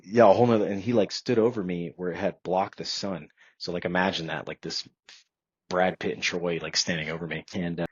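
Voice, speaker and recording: A male podcast guest with a low, husky voice tells a personal story in an interview, earnest and reflective and full of filler words. His tone stays steady and his pace runs a little fast. The podcast audio is dry, slightly dull, and free of echo.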